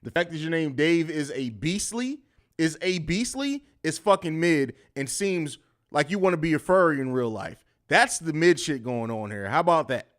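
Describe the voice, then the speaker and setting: A man's voice: fairly high pitch, animated, normal speed. A man hosting a live post-game sports podcast, reading chat comments and answering them in a combative, mocking, trash-talking way. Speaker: podcast host.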